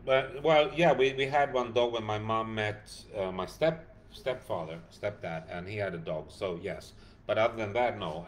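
A man's voice: lowish voice, fairly bright tone, slight background noise. Tired man answering a livestream chat. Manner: reads viewer comments aloud and thanks them by name. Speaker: dog rescue founder answering live chat. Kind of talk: casual livestream Q&A.

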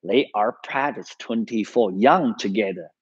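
A man's voice: on the low side, unhurried, slightly rough, no echo, muffled recording. A man with a Chinese accent, a tai chi teacher casually telling a story to his live-streamed class, with many fillers and easy laughs.

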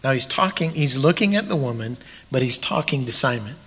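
A man pastor preaching a sermon in a church sanctuary, deliberate and emphatic, leaning on long pauses. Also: medium pitch, lively intonation, fairly bright tone, breathy edge. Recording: long church hall reverb.

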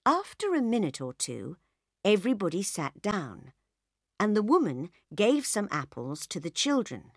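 Woman, audiobook narrator, graded reader, slow, lively pitch. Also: no room sound, studio quality. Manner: slow, clear reading for learners.

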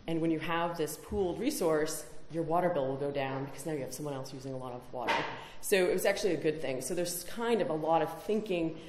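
A woman's voice: low-pitched, fast talker, few pauses, darkish tone, reverberant, a little hiss or hum. A woman giving a conference talk, emphatic, with rhetorical questions. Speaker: conference speaker. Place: conference hall.

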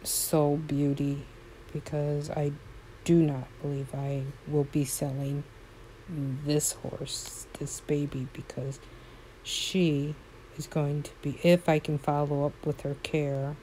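A woman's voice: low-pitched, little pitch movement, takes it slowly, warm tone, slight background noise, rough recording. A woman playing a horse game at home, commenting casually and fondly, exclaiming often and talking sweetly to her horses. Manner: frequent exclamations.

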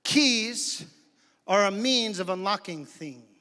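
A man's voice: high voice, animated, slow pace, bright, forceful tone. A male pastor preaching a sermon with emphatic energy, calling out to his congregation in a church sanctuary. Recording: long church hall reverb.

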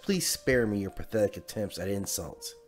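A man's voice: lowish voice, lively intonation, moderate pace, faint music behind, lightly acted. Jeannie, a purring taunting genie, as a man puts her on. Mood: menacing. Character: taunting female genie, smug and menacing.

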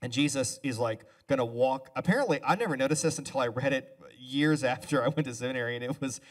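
A male pastor giving a relaxed sermon as a two-person conversation, casual and chatty with joking asides. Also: mid-range voice, fast. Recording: voice a bit far from the mic.

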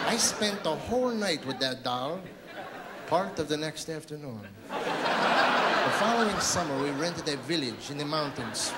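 A man's voice: on the high side, lively intonation, measured pace, very noisy. A male stand-up comedian performing a live routine, putting on a fake-tender sincerity that keeps tipping into indignant rants. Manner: mock-sincere, fake-tender delivery building to outraged lists. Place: concert hall stage. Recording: live club recording with loud crowd.

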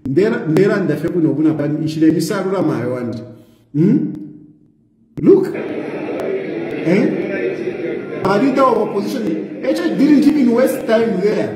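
Animated Zambian man, echoey room. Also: high voice, moderate pace, long pauses, a loud crowd. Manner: animated, repeats rhetorical questions, laughs mockingly. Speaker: political commentator. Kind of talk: reaction commentary.

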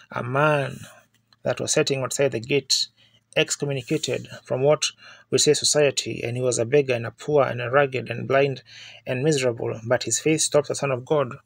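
A man's voice: medium pitch, fairly even intonation, normal speed, vocal fry, no echo. A man preaching a sermon in fervent storytelling style, building to emphatic outbursts. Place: church meeting.

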